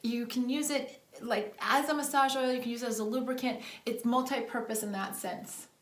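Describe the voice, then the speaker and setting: A woman's voice: on the high side, fairly even intonation, moderate pace. Frank chatty woman, echoey room. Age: middle-aged. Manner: chatty and candid, frank about intimacy. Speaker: podcast co-host. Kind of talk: casual product chat.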